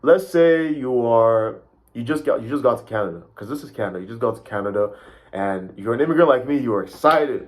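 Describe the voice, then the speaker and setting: Man at mid pitch, motivational speaker, emphatic, keeps checking in with the listener. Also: normal speed. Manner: emphatic, keeps asking "right?" and "you see". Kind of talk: motivational talk to camera.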